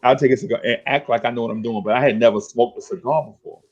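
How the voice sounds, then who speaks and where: A man's voice: mid-range voice, quick pace, dull audio. A middle-aged man telling street stories in casual chat, full of slang and acting out the voices of old friends. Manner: streetwise slang, animated storytelling, acts out dialogue. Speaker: podcast host.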